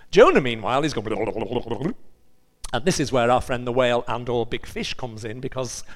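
A man preaching a sermon, telling a story in an animated way and acting out the characters' voices. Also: medium pitch, normal speed, big-room sound.

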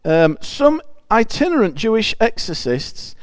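A man's voice: high-pitched, very animated, a little slow, dry recording. A man preaching a conversational sermon. He reads scripture aloud and explains it in a chatty, emphatic way, often restarting phrases.

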